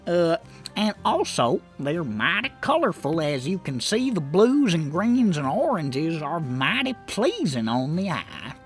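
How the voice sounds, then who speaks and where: A woman's voice: fairly low pitch, big pitch swings, measured pace, faint music behind. A woman voicing a chatty male pet shop merchant with a drawling, folksy sales patter.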